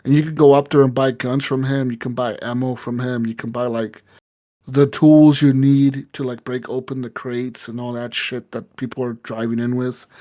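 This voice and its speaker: A man's voice: mid-range voice, level tone, normal speed, mellow. A man hosting a casual gaming podcast, rambling through a story with lots of filler words and swearing. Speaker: podcast host.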